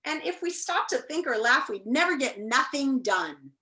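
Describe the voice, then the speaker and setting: A woman reading aloud puts on a crowd of lazy storybook creatures who live to do nothing. They drawl through their day at an easy pace in a high, bright voice that swings up and down. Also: sing-song, normal speed, exaggerated voice. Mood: languid.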